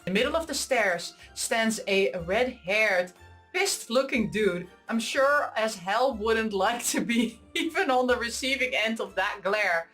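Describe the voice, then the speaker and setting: A woman's voice: fairly high pitch, measured pace, soft background music. Giggly woman reading a visual novel. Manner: giggly, excitable asides. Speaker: visual novel let's player. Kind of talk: reading a game aloud with reactions.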